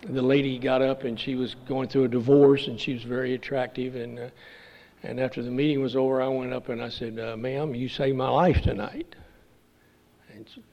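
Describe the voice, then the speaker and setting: An older man from Texas giving a halting, folksy personal testimony at a recovery meeting. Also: mid-range voice, little pitch movement, dark tone. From Texas, USA. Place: meeting room. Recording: dull lo-fi recording with long hall reverb.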